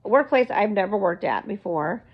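A woman's voice: mid-range voice, expressive, moderate pace. A woman vlogger at home, telling an earnest, rambling faith testimony to her viewers. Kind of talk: casual faith testimony to camera. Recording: dull lo-fi recording.

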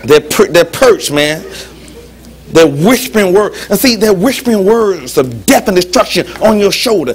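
A man preaching a lively, humorous sermon as pastor in a church, with call-and-response. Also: sits high. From United States.

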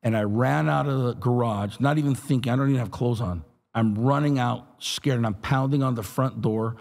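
A middle-aged man, a pastor, telling his testimony in an animated, street-talking way. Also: mid-range voice, moderate pace, creaky. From Los Angeles area. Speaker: pastor and guest. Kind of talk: storytelling testimony.

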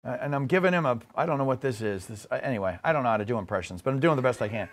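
A man's voice: medium pitch, lively intonation, rapid-fire, hardly any pauses. A man hosting a satirical comedy podcast, delivering a monologue with wry, self-deprecating asides.

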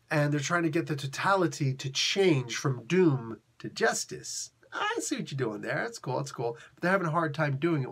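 Excitable slangy man reviewing comics. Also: fairly high pitch. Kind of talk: casual video review.

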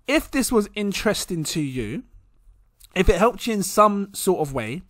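A man's voice: high voice, very animated, moderate pace, fairly bright tone, no echo, studio quality. A young man hosting his own crypto channel, chatting casually and rambling, often laughing at himself. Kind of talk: casual vlog talk to camera. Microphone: plugged-in desk microphone.

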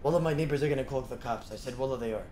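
A man live-streaming a game, talking to himself and to his chat, with sudden bursts of loud yelling and laughter. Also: medium pitch, very fast, a little hiss or hum.

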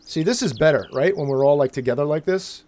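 A man's voice: a little high, fast talker. A man hosting a live stream, talking energetically to his guests and swearing casually while he adjusts his setup. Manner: energetic, swearing, thinking aloud while fiddling with settings. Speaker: streamer, host.

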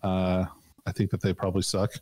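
A man's voice: deep voice, monotone, a little fast, a little mellow. A man co-hosting a podcast in casual chat, rambling with many fillers and frequent laughs. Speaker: podcast co-host.

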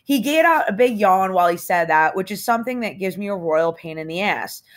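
A woman's voice: medium pitch, expressive, a little fast. A woman narrating a first-person novel aloud in a casual, sardonic, conversational way. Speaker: audiobook reader.

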